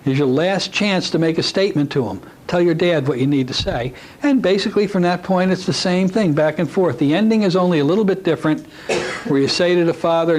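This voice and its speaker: A man's voice: sits high, a little fast, darkish tone, low-quality recording. A man teaching a hypnosis technique to a class in a folksy, conversational way, dropping in asides to the audience. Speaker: hypnosis instructor.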